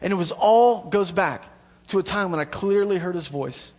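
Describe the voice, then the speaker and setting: A man with a high voice delivers a sermon from the pulpit. He mixes self-deprecating humor into earnest, emphatic exhortation, repeating key phrases for weight. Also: normal speed, darkish tone. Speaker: preacher.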